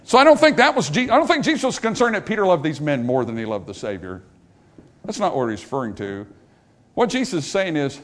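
A pastor preaching a sermon in a church, swinging between emphatic high points and hushed, soft passages. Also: male voice, sing-song, fairly quick. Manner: dynamic preaching, rising to emphatic highs and dropping to hushed lows. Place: church sanctuary.

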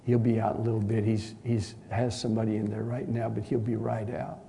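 A preacher voicing a church secretary, speaking softly and patiently to calm someone. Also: male voice, lowish voice, brisk, vocal fry, a little hiss or hum. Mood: soothing. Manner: soothing, patient, soft. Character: calm middle-aged woman, church secretary.

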